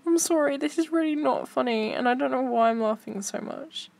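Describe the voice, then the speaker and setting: A woman's voice: on the high side, normal speed, creaky, a little mellow. Chatty young woman live-streaming. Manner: chatty, giggly, talks to herself. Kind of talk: casual live-stream chat while browsing.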